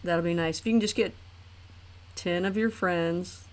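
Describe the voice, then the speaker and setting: A woman's voice: lowish voice, steady tone, normal speed. A woman hosting a live stream, talking casually and rambling chattily with her viewers. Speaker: host of a live talk stream.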